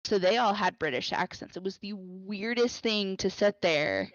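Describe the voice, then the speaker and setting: A woman telling a work story in a measured, thoughtful way during a casual chat. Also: mid-range voice, animated, no echo, highs cut off. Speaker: player.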